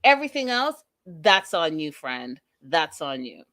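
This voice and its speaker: A woman's voice: sits low, very animated, unhurried, a bit bright. A woman hosting a casual recap show, blunt, sassy and profane. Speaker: host.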